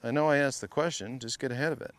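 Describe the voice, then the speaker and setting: A man's voice: mid-range voice, fast, no room sound. A man coaching a student through a golf lesson, playful and teasing, repeating short drill cues over and over. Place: golf academy practice area.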